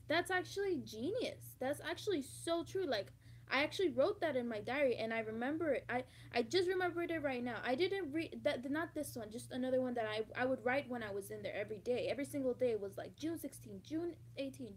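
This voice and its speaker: A young woman talking to camera in a rambling confessional vlog, swearing freely and bursting into loud emphatic repetition. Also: sits high, animated, brisk, slight background noise. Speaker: vlogger.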